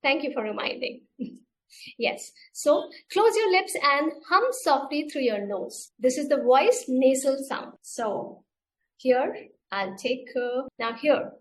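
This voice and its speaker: A middle-aged woman with an Indian English accent runs an online teacher webinar. Her voice sits high, and she talks at an unhurried pace, modelling sounds carefully and repeating each instruction. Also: animated. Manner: slow, patient, demonstrates sounds and repeats steps. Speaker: teacher trainer.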